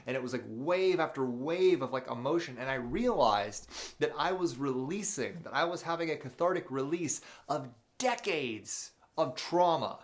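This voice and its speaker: This medium-pitched man speaks at a moderate pace as he hosts a live motivational show. He recounts a personal story in an animated, off-the-cuff way with lots of fillers and restarts, pausing to read out questions from viewers.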